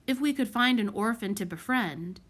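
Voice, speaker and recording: A woman's voice: fairly high pitch, expressive, normal speed, a bit bright. A woman doing cautious boy Solly. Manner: hesitant, careful. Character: cautious young orphan boy hero.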